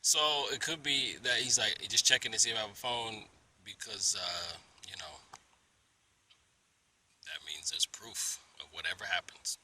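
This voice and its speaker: A man telling a story to a phone camera in a park, animated and dropping into whispered asides. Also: fairly low pitch, a little slow, rough recording. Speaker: vlogger. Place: outdoors in a park under a tree. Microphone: phone held at arm's length.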